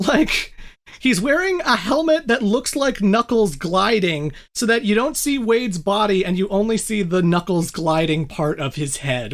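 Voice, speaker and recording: Animated woman retelling a show. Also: on the low side. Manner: animated, laughs while retelling scenes. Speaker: podcast co-host. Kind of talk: casual chat.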